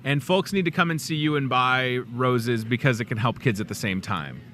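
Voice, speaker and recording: A man's voice: medium pitch, normal speed, a bit bright, slight background noise. A middle-aged man with a Midwestern accent hosting a casual, jokey talk show from a grocery store aisle, upbeat and chatty. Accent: Midwestern American. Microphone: clip-on lapel mic.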